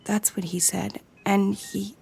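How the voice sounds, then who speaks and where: A woman voicing an ill, feverish teenage girl with a hoarse, hushed, breathy voice. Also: mid-range voice, little pitch movement, slow, slight background noise, voice pushed up. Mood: frightened, weak.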